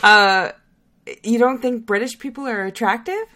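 A woman co-hosting a podcast in casual, playful conversation, quick to laugh and tease. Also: fairly high pitch, sharp tone. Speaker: podcast co-host. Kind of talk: casual chat.

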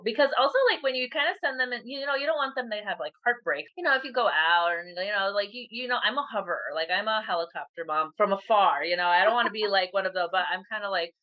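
A woman's voice: medium pitch, expressive, quick pace, few pauses, lo-fi sound. A woman guest on a podcast chatting casually, rambling through her thoughts with frequent laughter. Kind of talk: casual chat.

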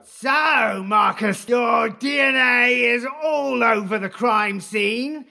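A man playing a loud male police detective who accuses and gloats, in a comedy skit advertisement. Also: very high-pitched, slow pace, creaky, heavily acted. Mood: accusing. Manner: shouting, accusing.

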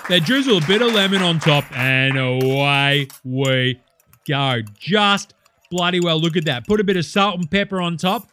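A man's voice: on the high side, moderate pace, pushed and bright, a little hiss or hum. A man with an Australian accent playing a boisterous, crude male cooking-show host in a comedy parody. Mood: jovial. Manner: hearty, crude, laid-back slangy banter. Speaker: comedy sketch performer.

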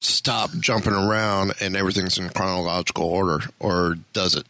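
A man's voice: deep voice, flat delivery, moderate pace, sharp tone, dry recording. A man asking questions in casual chat, hesitant and often restarting his sentences. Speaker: interviewer.

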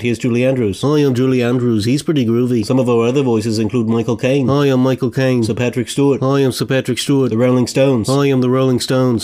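Cheesy salesy impressionist, a man puts him on, warm mellow tone. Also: medium pitch, close to an everyday voice. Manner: upbeat salesy commercial patter. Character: cheesy pair of voice impressionists, adult men. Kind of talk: parody commercial.

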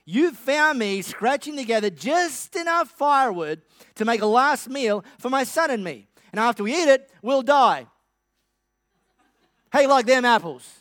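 A man's voice: very high voice, expressive, a little slow, fairly bright tone, no room sound, voice pushed up, exaggerated voice. A sarcastic, fed-up poor widow snaps back in a dry, close voice, as a man puts her on. Her tone is blunt and scolding.

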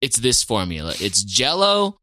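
A man's voice: medium pitch, huge pitch swings, moderate pace, sharp tone. A man co-hosting a podcast, easygoing and thinking aloud in casual chat. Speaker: podcast co-host.

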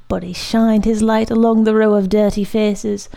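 A woman reading a literary short story aloud as narrator, in a steady, measured storytelling manner. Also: medium pitch, gravelly.

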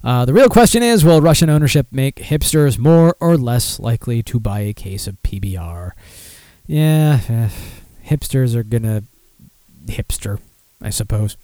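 A man's voice: medium pitch, expressive, a little slow, mellow, no echo. A man hosting a casual beer podcast, rambling and self-deprecating, with lots of fillers and restarts. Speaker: podcast host.

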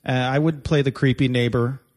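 A man co-hosting a casual podcast chat, rambling through halting jokey asides in an echoey warehouse room. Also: medium pitch, steady tone. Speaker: podcast co-host. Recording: room reverb, faint music.

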